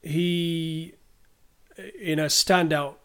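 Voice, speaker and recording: Rambling man with a high voice. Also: flat delivery, very slow, a bit bright, clean tone. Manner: rambling, hesitant with fillers and restarts. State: clearing his throat. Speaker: podcast co-host. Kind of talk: casual film discussion.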